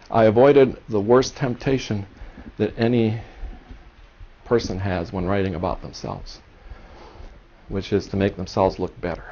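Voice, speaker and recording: A man's voice: on the low side, darkish tone. A man in his sixties from Cuba, a historian speaking at a seminar, telling his story earnestly and with passion. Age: 60s. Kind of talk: seminar talk. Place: seminar room. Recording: dull lo-fi recording.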